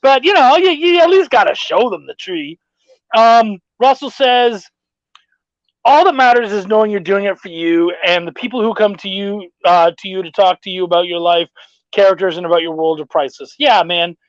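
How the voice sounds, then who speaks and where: A man's voice: high voice, normal speed, no echo. Laid-back male host, dull dry audio. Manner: profane, storytelling, laid-back. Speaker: podcast host. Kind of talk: casual podcast chat, reading viewer comments.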